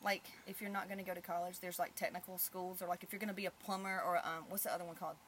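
Animated mother hosting a podcast. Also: on the low side, very fast, a little hiss or hum. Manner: animated storyteller, swings loud when telling stories. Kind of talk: casual podcast chat.

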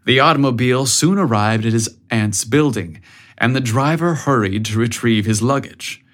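A man narrating an audiobook story in a measured, even way. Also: mid-range voice.

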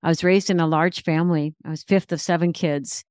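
A woman's voice: sits low, fairly even intonation, a little fast, darkish tone, smooth, no echo, clean studio sound. A middle-aged woman, a guest author and speaker, giving a personal faith testimony in an earnest, reflective way.

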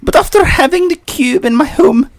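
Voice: sits high, expressive, moderate pace, no room sound, clean studio sound, voice pushed up. A host doing prim Professor McGonagall. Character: stern older female professor, prim. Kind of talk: comic impression in a review bit.

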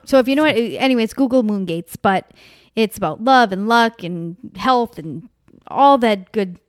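A woman in her thirties co-hosting a podcast, chatty and quick to laugh, steering the story along with "anyways". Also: on the high side, animated, no room sound. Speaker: podcast co-host. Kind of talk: casual storytelling chat.

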